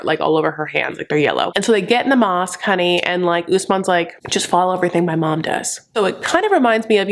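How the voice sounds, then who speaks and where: A woman hosting a reality TV recap in a sassy, campy, gossipy way, full of "honey" and "like", breaking into high mocking impressions. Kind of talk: casual comedic recap.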